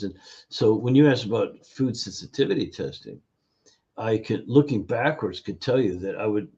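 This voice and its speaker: Fairly low in pitch, mellow and a bit breathy, this man is being interviewed over video as a functional nutrition educator. His casual storytelling halts on frequent fillers, and he mimics the people he quotes. The sound comes through dull and lo-fi.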